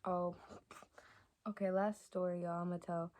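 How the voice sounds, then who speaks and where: A young adult woman vlogger telling stories to camera in a casual, rambling way, with lots of fillers and soft asides. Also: lowish voice, level tone, a little slow. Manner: chatty and rambling, many fillers like "like" and "y'all". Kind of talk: casual storytime chat to camera.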